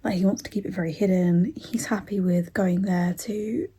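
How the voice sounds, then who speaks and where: A young woman chatting casually in a reading vlog, giggly, with soft whispered asides. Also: lowish voice, steady tone, moderate pace, husky. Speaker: book vlogger.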